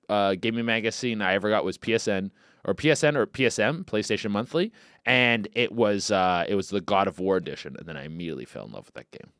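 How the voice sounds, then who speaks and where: A man hosting a comedy podcast, rambling and swearing freely, with loud excited outbursts. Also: lowish voice, dry recording, clean studio sound. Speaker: podcast host. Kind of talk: casual comedic podcast chat.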